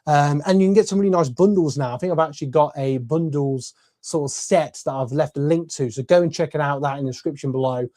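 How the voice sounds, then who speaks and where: A man's voice: on the high side, fast talker, dark tone. A man giving a casual, enthusiastic camera review from his bedroom, chatty and full of fillers, his voice a little tired. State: voice tiring from talking. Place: bedroom at home.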